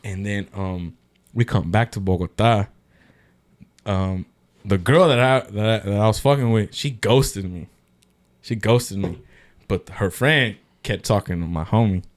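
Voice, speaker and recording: A man's voice: on the low side, measured pace. A young man on a podcast, telling a wild story in slangy, swear-filled casual chat. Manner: slangy, swears freely, acts out quotes in other voices. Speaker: podcast guest.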